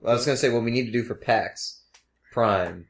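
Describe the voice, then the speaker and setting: A man's voice: mid-range voice, fairly quick. A man hosting a casual podcast, reading out listener questions and laughing often. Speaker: podcast host.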